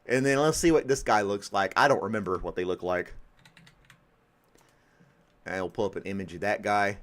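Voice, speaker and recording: A man's voice: lowish voice, moderate pace, fairly bright tone. A man hosting a podcast in casual chat, often breaking into laughter. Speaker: podcast host.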